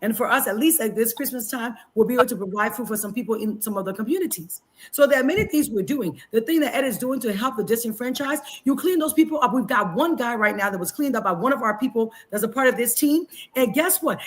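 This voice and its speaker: A woman's voice: on the high side, expressive, quick pace, few pauses. A woman from Liberia who lives abroad, giving earnest, emotional closing remarks as a guest on a video call talk show.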